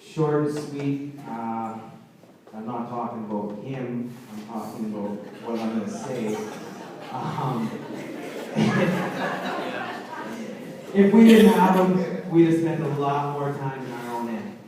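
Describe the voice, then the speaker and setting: This hockey head coach talks slowly and expressively at medium pitch, pausing often, during an unscripted awards banquet speech that wanders with fillers and false starts. Recorded from far across a very echoey hall, it carries crowd noise and faint room sound.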